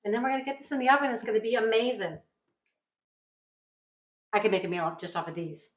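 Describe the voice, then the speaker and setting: In a rough, reverberant recording, a middle-aged New England woman talks fast in an expressive voice on the high side. She hosts a cooking show from her home kitchen, keeping the demo casual, chatty and upbeat while often asking "right?".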